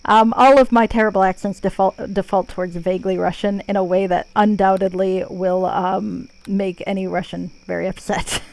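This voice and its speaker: A woman's voice: mid-range voice, fairly even intonation, moderate pace, gravelly, hardly any pauses, darkish tone. Playful, swearing woman streaming a game. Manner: playful, joking, swears freely. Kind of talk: casual gameplay commentary.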